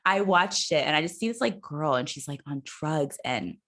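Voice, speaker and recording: A woman, a comedian guest on a video call, telling a story in a casual, animated way. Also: sits low, moderate pace. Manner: animated storyteller, acts out quoted voices.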